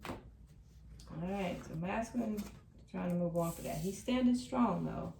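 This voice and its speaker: A woman reading tarot cards for her viewers, repeating the messages she channels with emphatic, animated delivery. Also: on the low side, a little slow, gravelly, slight background noise. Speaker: tarot reader. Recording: echoey room, a bit distant from the mic.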